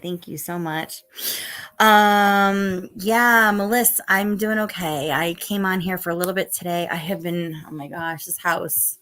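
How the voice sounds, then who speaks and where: Middle-aged woman, lower-pitched, tired, rambling casual livestream chat. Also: a bit bright. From Northeast United States. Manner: chatty, rambling, reads chat aloud. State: tired, yawning. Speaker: livestream host. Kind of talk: casual live stream chat.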